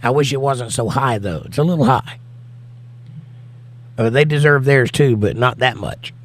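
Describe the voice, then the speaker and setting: A man's voice: mid-range voice, normal speed. An American man hosting a casual livestream, reading viewer comments aloud and answering them, tired from no sleep. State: tired, has not slept. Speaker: livestream host reading chat.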